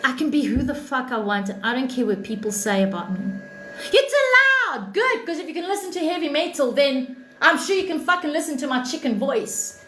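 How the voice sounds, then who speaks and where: High-pitched, blunt, profane woman streamer. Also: animated, brisk. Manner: blunt, profane, preachy and emphatic. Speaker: live stream host, spiritual reader. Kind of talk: impassioned livestream monologue. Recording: echoey room with faint noise.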